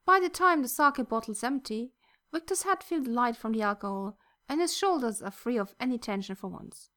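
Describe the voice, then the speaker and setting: A woman narrating a fan fiction story in a soft, gentle reading voice that at times drops close to a whisper. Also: a little high, animated, moderate pace.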